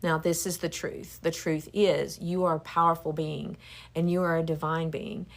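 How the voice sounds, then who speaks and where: Soft-spoken woman healer, lowish voice. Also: moderate pace, gravelly. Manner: shifts between hushed whispering and lively chat. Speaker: Reiki healer. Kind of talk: spiritual healing session.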